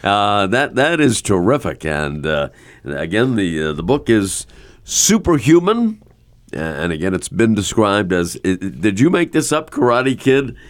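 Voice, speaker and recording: A man's voice: lowish voice, sing-song, unhurried. A man hosting a talk radio interview, chatty and enthusiastic with his guest. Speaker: radio host.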